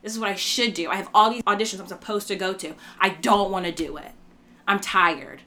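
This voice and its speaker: A woman's voice: mid-range voice, fairly even intonation, fairly quick, sharp tone. A woman who works as a stage actor, telling a candid personal story in a casual chat. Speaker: actor, podcast co-host.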